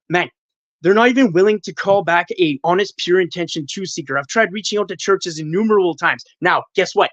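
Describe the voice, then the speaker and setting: A man from Canada on a livestream call, venting in an agitated, profane rush. His voice sits high and sounds dry and close, with dull, lo-fi call audio. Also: a bit bright, dry recording. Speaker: caller, panel guest. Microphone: video call.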